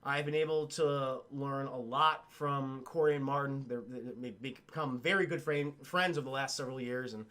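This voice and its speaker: A man's voice: medium pitch, steady tone, moderate pace, few pauses, a bit bright. A man reviewing a film on a livestream, rambling casually, swearing and talking to his chat with many fillers.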